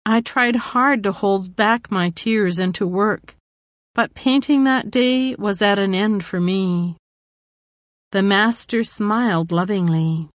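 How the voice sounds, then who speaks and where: A woman reads a memoir aloud at an unhurried, measured pace. Her voice is reflective and sits in a mid range. The recording is dry and close. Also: mid-range voice, no echo. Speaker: narrator. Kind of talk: audiobook memoir narration.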